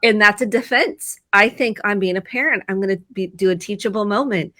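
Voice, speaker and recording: A woman's voice: mid-range voice, brisk, sharp tone, no room sound. A woman therapist talking casually on a video call, telling stories and acting out her own quoted lines with animation. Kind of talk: video chat about mental health.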